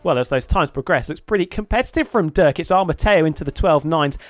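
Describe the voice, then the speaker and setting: A man giving lead commentary on an online sim racing qualifying session, lively as he calls the lap times. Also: fairly high pitch, a little fast, no echo. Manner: lively, builds excitement over lap times.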